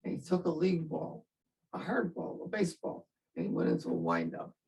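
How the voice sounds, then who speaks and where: A man's voice: fairly high pitch, wildly swooping pitch, brisk, gravelly, darkish tone, recorded from a distance, low-quality recording. An older man, a veteran, telling his story in an interview in a wry, self-mocking way and laughing at himself.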